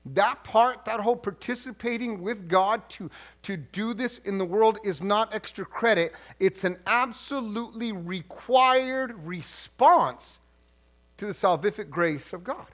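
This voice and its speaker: A male pastor gives a sermon in a high, bright voice. He talks to the congregation conversationally and animatedly, and he often repeats words as he restarts a phrase. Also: measured pace.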